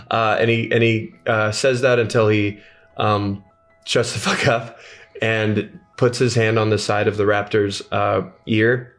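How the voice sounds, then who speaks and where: A man narrating a tabletop game as game master, halting, with many fillers. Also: on the low side, level tone, soft background music.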